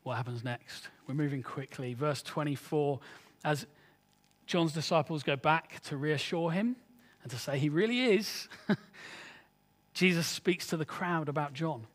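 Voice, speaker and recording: A man's voice: on the high side, a little slow, in a large hall. A man preaching a sermon in an earnest, conversational way, often asking his listeners rhetorical questions.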